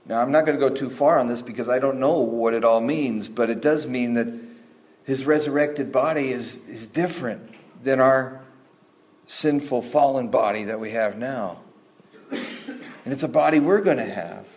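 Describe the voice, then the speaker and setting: A male pastor preaching a sermon in a conversational, animated storytelling manner. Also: medium pitch, normal speed.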